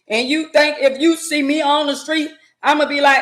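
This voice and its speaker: A woman's voice: high voice, steady tone, normal speed, fairly bright tone, reverberant. Blunt woman talking back to chat. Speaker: live-stream host. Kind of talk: casual live-stream commentary.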